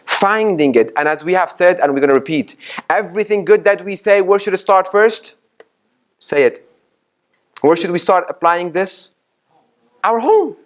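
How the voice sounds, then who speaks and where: A man's voice: high-pitched, moderate pace, pauses often. A sheikh preaching a Ramadan sermon in a community mosque hall. He makes his points emphatically and repeats them, asks the audience questions, and recites Arabic sayings before he explains them. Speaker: sheikh giving a Ramadan lecture.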